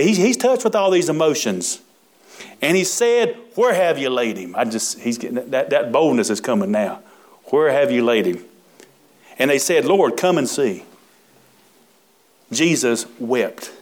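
A preacher, reading scripture in a sermon with folksy, emphatic asides and drawn-out words. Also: male voice, a little high.

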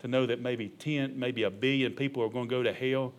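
Preaching a little fast in a steady, mid-range voice, this middle-aged pastor delivers a sermon in an emphatic, colloquial style. He drives his points home with amen and hallelujah.

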